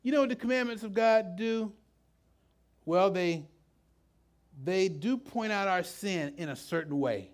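A man preaching a sermon in a loose, conversational way, often asking the congregation questions. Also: high voice. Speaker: pastor. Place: church with a live congregation.

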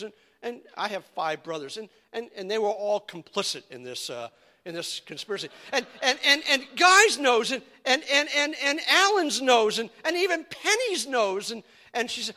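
A male pastor preaching a sermon, animated and stumbling over repeated words. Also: very high voice, normal speed.

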